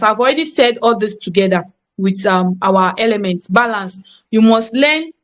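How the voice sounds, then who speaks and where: A woman teaching a live online graphic design class, emphatic and repetitive, often checking that students follow. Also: a little high.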